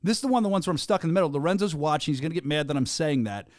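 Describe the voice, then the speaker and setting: A man's voice: fairly high pitch, expressive, racing, no room sound, clean studio sound. A male podcast host and event announcer, chatting energetically in a rambling hype-man way as he interviews a guest. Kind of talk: casual interview chat.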